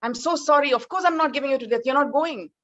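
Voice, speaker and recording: A woman's voice: high-pitched, fast, a bit bright, muffled recording, pitched above the performer's own voice. A woman voicing a remorseful father, pleading and apologetic. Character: remorseful frantic old father.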